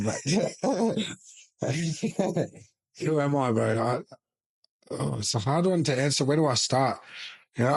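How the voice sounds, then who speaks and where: A man's voice: medium pitch, breathy edge, no echo. An Australian man, a personal trainer, chatting as a podcast guest in a giggly, sweary, playful way. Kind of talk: casual podcast chat.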